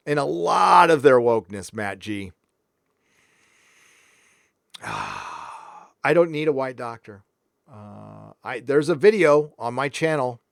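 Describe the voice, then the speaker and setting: A man's voice: medium pitch, no room sound, studio quality. A man from San Diego hosting a live stream, talking frankly and rambling as he reads out viewer comments. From San Diego, California. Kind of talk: casual live stream chat.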